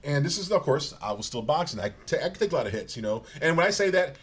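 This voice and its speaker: A man telling rambling, animated comic stories on stage as a guest, stumbling over his words and laughing as he goes. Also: a little high, fast talker, breathy edge. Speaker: guest comedian. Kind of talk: live comedic storytelling.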